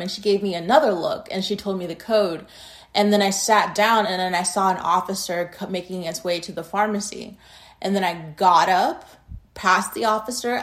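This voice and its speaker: A woman in her thirties recounts her own story straight to her listeners. She talks casually and bluntly, with plenty of "um" and "like" along the way. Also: mid-range voice. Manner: candid, casual and blunt, with frequent "um" and "like". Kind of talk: personal storytelling.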